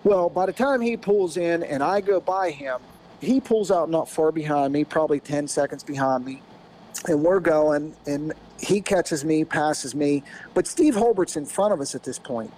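American guy in his 50s, kinda high voice, rambling race story, lots of you knows, bit of faint noise behind. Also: normal speed, rough recording. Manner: animated, rambling anecdote with many "you know"s. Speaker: podcast guest, former off-road racer. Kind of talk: casual storytelling.

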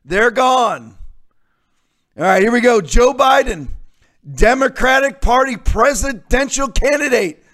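Male host with a high-pitched voice, combative and sarcastic, prone to loud outbursts. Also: animated, moderate pace. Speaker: talk show host. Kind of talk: opinionated commentary monologue.

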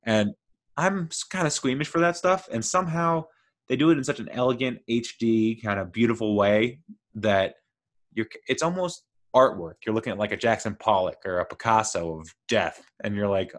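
Man, low voice, casual show review, rambling, enthusiastic. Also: normal speed. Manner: rambling, many fillers and restarts, enthusiastic.

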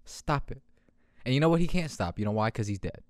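Rambling, profane young podcast host. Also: male voice, mid-range voice, animated, racing, a little mellow, dry recording, clean studio sound. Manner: rambling, profane, laughs at own jokes. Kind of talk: casual solo podcast rant.

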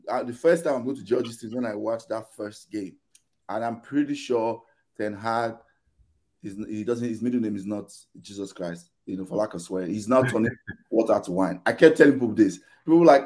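A man's voice: mid-range voice, a little fast. A man on a podcast panel in casual chat, ranting animatedly and acting out both sides of arguments. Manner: animated, exasperated ranting with quoted back-and-forth.

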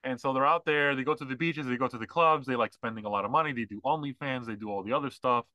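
A man's voice: mid-range voice, quick pace, sharp tone, dry recording, dull audio. A man co-hosting a casual podcast, rambling and mocking, often mimicking other people's voices. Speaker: podcast co-host.

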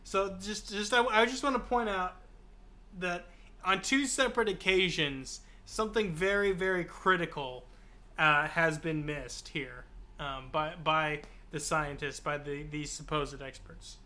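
A man's voice: a little high, a little slow, bright, forceful tone. A man co-hosting a casual book podcast, thoughtful and hesitant, often restarting his phrases. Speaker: podcast co-host.

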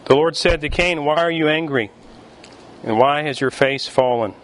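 A male pastor preaching a sermon, emphatic and deliberate, with pauses between phrases. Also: on the high side, a little hiss or hum.

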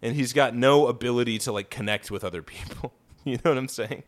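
A man's voice: medium pitch, fairly quick. A man co-hosting a podcast, ranting and swearing through casual political chat, laughing often. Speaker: podcast co-host.

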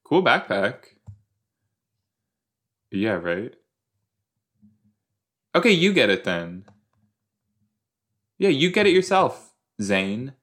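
Slow-talking man chatting through an episode. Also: medium pitch, sing-song, fairly bright tone. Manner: rambling, chatty, self-deprecating asides. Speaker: reaction podcast host. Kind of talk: casual watch-along commentary. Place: southern Minnesota.

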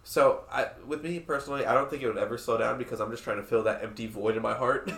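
A man's voice: mid-range voice, fairly even intonation, fast, vocal fry, fairly bright tone, roomy sound. A man in his twenties hosting a casual podcast chat, laughing often and swearing freely. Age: 20s. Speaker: podcast host.

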